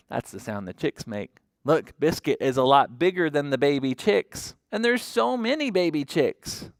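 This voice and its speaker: A woman's voice: low voice, expressive, normal speed, no room sound, studio quality. Sing-song woman reading to toddlers. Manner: sing-song, coaxing, asks children questions. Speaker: children's librarian. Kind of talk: toddler story time read-aloud.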